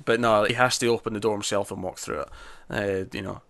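A man's voice: fairly low pitch, steady tone, fast, creaky, a bit bright, no room sound. A man, chatting casually as he recaps a TV episode, often acting out quotes. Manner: chatty, lots of fillers and acted-out quotes. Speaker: podcast co-host.

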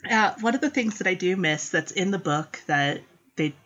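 A woman's voice: lowish voice, expressive, moderate pace, a bit bright, lo-fi sound. A woman in casual chat who laughs often and acts out quoted lines in playful voices.

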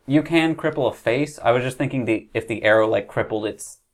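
A man's voice: medium pitch, brisk. A man playing a tabletop game, talking through the rules in a dry way. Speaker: player.

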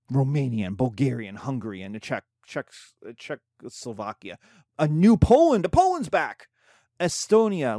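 Man, history teacher, slightly high voice, dry close sound, conversational lecture. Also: no echo. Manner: conversational, animated, with filler asides.

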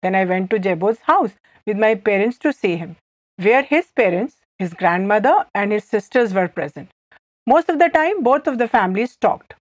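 A woman from India with an Indian accent, leading a scripted language lesson and repeating phrases slowly and clearly. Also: medium pitch, animated, no echo. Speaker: language teacher.

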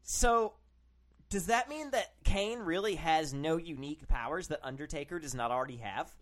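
A man co-hosting a casual podcast, wry and sarcastic, quick to laugh. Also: fairly high pitch, expressive. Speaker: podcast co-host. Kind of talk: casual chat.

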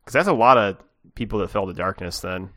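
A man co-hosting a podcast, chatting casually and asking relaxed, curious questions. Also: fairly low pitch, fairly quick, no room sound, studio quality. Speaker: podcast co-host.

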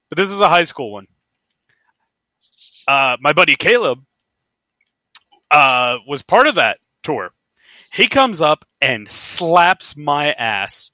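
A man's voice: a little high, bright, forceful tone, dry recording. A young man co-hosting a podcast, telling rambling, profane stories in casual banter. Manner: rambling storyteller, loose and profane. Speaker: podcast co-host.

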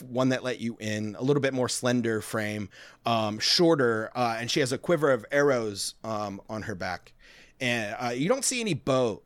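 A man's voice: mid-range voice, dry recording. Man narrating a tabletop game. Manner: casual, relaxed descriptive narration. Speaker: game master.

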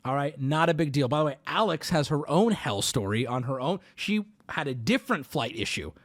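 A man streamer telling a story casually to his audience, animated, profane and exaggerated. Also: fairly high pitch, fairly quick.

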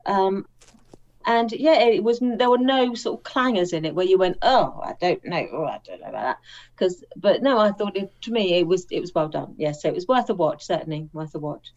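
A woman co-hosting a film review podcast. She speaks at a mid pitch and pauses to weigh her words, and her audio comes through dull and lo-fi. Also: darkish tone. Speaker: podcast co-host. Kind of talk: casual film review chat.

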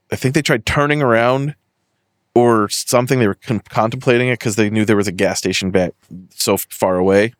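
Young man, from western massachusetts, animated storyteller, swears a lot, dry close mic. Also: lowish voice, no echo. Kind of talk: casual chat.

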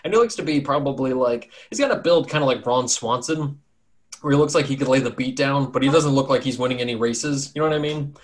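A man's voice: medium pitch, fast. A man narrating a tabletop game as game master, loose and joking, often trailing off with "like".

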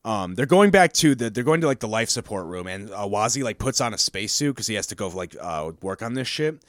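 A man's voice: fairly low pitch, brisk, no room sound. Casual swearing man, dry close sound. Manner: animated, swears freely, acts out characters' lines. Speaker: podcast co-host discussing a comic. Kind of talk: casual chat.

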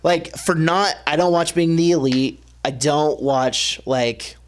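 A man's voice: fairly high pitch, takes it slowly. Rambling young man on a podcast. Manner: relaxed, rambling with many fillers. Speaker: podcast co-host. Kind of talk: casual chat.

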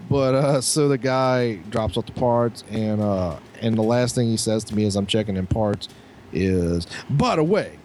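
A man co-hosting a podcast, telling a profane, animated story with lots of restarts. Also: lowish voice, a little slow, a little hiss or hum. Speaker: podcast co-host. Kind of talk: casual storytelling chat.

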